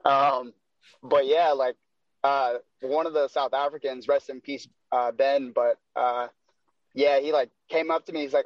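A man's voice: mid-range voice, steady tone, unhurried, dry recording, highs cut off. A man chatting as a podcast guest, talking in a rambling, laid-back way with lots of fillers. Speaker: podcast guest, door-to-door salesman. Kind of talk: casual chat.

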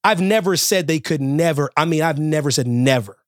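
Recorded dry with clean studio sound, a male podcast co-host speaks fairly quickly in relaxed conversation. He repeats himself, stresses his points with animation, and suddenly shifts into high, mocking voices to quote people.

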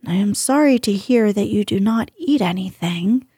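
A woman voicing a grave male doctor in a storybook reading, speaking in a measured, serious way. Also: mid-range voice, animated, mellow, breathy edge, dry recording, studio quality.

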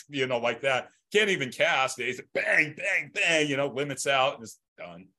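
A man's voice: medium pitch, animated, moderate pace, sharp tone. A man co-hosting a podcast, telling anecdotes with a laugh and acting out what others said. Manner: laughing, storytelling, acts out quotes. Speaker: podcast co-host. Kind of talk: casual chat.

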